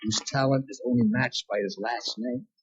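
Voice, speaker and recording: A man's voice: medium pitch, steady tone, moderate pace, lo-fi sound, heavy background noise. A man as guest of honor at a comedy roast, telling wry self-mocking jokes in a vintage television broadcast recording. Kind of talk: stand-up roast speech.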